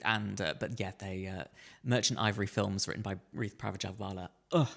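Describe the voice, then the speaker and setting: A man's voice: fairly low pitch, steady tone, a little fast, vocal fry, a bit bright. A man hosting a podcast in casual chat, enthusiastic and gushing, often restarting his sentences. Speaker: podcast host.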